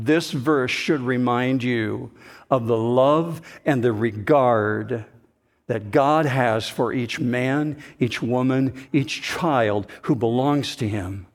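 A man preaching a sermon to his congregation, slow and emphatic, with rising bursts of intensity. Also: mid-range voice. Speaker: pastor.

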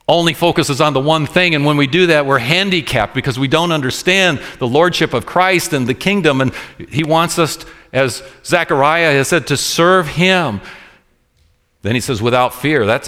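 A man preaching a sermon to a congregation, slowing down to stress key words and repeating his points. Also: mid-range voice, a bit bright. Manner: preaching with sudden slowed emphasis and repeated phrases. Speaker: pastor. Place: church room with congregation.

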